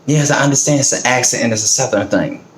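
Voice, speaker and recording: A man's voice: mid-range voice, fast talker. A middle-aged man from the American South speaks in a blunt, profane and fired-up way, in a mid-range voice. His voice bounces around a roomy space. A faint hum of background noise sits under it. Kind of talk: casual monologue.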